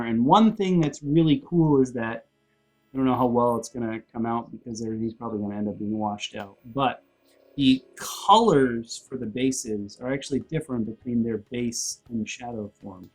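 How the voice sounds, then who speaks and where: A man's voice: medium pitch, moderate pace, a little mellow, soft background music. A chatty man narrating a board game unboxing in a casual, self-deprecating way, often correcting himself mid-sentence.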